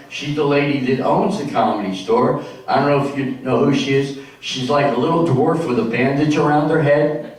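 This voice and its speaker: Middle-aged guy doing stand-up, chatty joke storytelling, regular pitch, super echoey hall recorded from way back. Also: moderate pace, recorded from a distance. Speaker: stand-up comedian. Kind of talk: stand-up comedy routine. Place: stage in a senior community hall.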